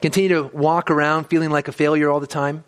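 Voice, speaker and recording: A pastor preaching a sermon in church, earnest, building to emphatic peaks and then dropping low and quiet. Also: male voice, little pitch movement, fast talker, clear, resonant tone.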